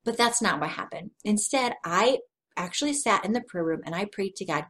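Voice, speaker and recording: A woman's voice: medium pitch, lively intonation, a bit bright. A woman in her thirties giving a devotional teaching talk, earnest and conversational, telling personal stories frankly. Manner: earnest and conversational, slow and deliberate. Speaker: Christian speaker.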